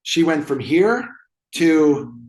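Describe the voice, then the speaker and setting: A man's voice: a little high, big pitch swings, slow pace, a little mellow. A man telling a client story as a guest in an interview, acting out the dialogue with animation. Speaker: movement therapy expert guest.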